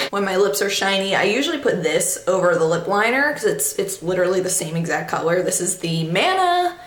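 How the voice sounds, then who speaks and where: A woman's voice: mid-range voice, sing-song, fairly quick, few pauses. A woman in her twenties chatting casually while doing her makeup, self-deprecating and loose with slang. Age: 20s. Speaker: beauty vlogger. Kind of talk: casual get-ready-with-me chat. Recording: echoey room.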